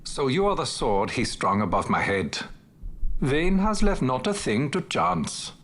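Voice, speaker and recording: A voice actor playing a courtly older marquis who speaks in a formal, measured, diplomatic way. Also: male voice, medium pitch, big pitch swings, a bit bright, a little hiss or hum. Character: courtly older male marquis, smooth politician. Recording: game audio with music behind.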